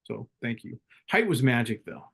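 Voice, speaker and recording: A middle-aged man, a former Marine leader, telling stories in a calm and reflective way as a podcast guest. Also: medium pitch, normal speed, creaky, slightly rough. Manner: calm, reflective, laughs easily. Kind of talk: casual interview storytelling.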